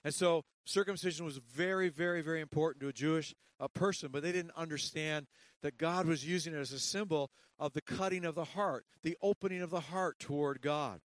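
A middle-aged man preaching a sermon as pastor, swinging between hushed lines and loud, emphatic calls to the congregation. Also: on the high side, a little fast, no echo.

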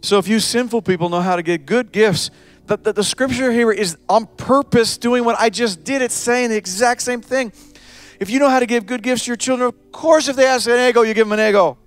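A male pastor with a high-pitched voice preaches with lively energy. He jumps into quick character voices to make his point. Soft music plays faintly behind him. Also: dry recording. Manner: animated preaching, acts out voices of parents, children and Jesus. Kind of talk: sermon.

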